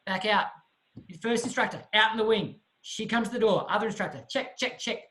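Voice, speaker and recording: A man giving a motivational talk, telling a story in an animated way with vivid sound effects. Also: high voice, brisk, low-quality recording. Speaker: motivational speaker.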